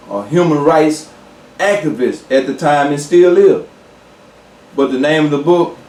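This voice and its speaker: A man preaching a sermon, slow and emphatic, repeating key words and pausing with fillers. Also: fairly high pitch, a little mellow, reverberant, far from the mic.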